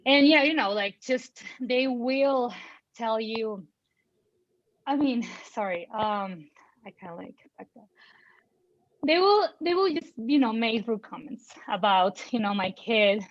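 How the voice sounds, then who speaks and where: A woman in her thirties, a parent on a panel, telling her own story in an outspoken, animated way with many fillers and voiced quotes. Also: a little high, slow pace, dry recording, lo-fi sound. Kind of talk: personal storytelling in a panel conversation.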